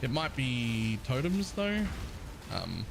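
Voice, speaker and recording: A man's voice: medium pitch, very animated, slow pace, creaky. Guy w half-aussie accent rambling on stream, laughs a ton, swears, bit of hiss. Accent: partly Australian. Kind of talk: casual live-stream chat.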